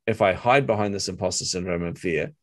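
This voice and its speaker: A middle-aged man with a New Zealand accent, an interview guest telling animated stories and acting out quotes. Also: sits low, brisk. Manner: animated storyteller, acts out quotes. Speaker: guest, marketing coach. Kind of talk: storytelling interview chat.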